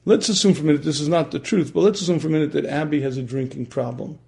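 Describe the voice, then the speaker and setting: A man teaching a religious class who often clears his throat and asks his listeners questions. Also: a little high, racing, a little mellow.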